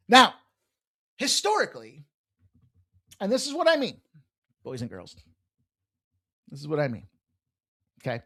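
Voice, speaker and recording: Brash gravelly-voiced man hosting a betting show. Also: very high-pitched, dry recording, studio quality. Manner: brash, profane, excitable, jokey. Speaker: sports betting show host. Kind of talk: live-streamed betting picks chat. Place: room with a hockey banner on the wall.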